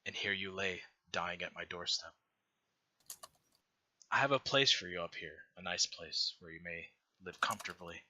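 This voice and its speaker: A serene godlike being addresses a mortal from his throne, slow and hushed, solemn yet welcoming, as a game master puts him on. The voice sits lower than the man's own and comes out bright and sharp-edged.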